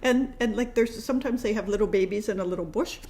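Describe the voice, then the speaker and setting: A woman's voice: mid-range voice, fast, warm tone, a little hiss or hum. A middle-aged woman from Canada co-hosting a podcast, talking emphatically with many restarts. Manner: emphatic, repeats words, restarts often. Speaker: podcast co-host. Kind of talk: casual chat.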